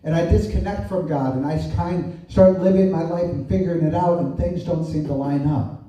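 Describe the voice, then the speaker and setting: Speaking at a normal speed with fairly even intonation, this pastor has a mellow, slightly high male voice. He preaches in a conversational style, posing rhetorical questions and often adding "right?" The audio carries an echoey, distant room sound.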